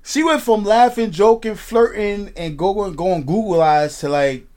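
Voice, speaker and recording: A man hosting a casual talk show, telling a story in an animated way, swearing freely and often asking "you know what I mean". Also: high-pitched, a little slow. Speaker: podcast host.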